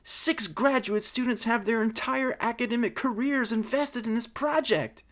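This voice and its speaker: A man voicing a brave, lovestruck young female lab pigeon with high, pleading cries. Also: very animated, takes it slowly, sharp tone, full character voice.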